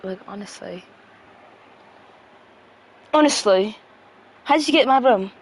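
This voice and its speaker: A woman's voice: mid-range voice, animated, a little slow, slightly rough. A woman chatting casually on a livestream, blunt and profane, rambling with fillers.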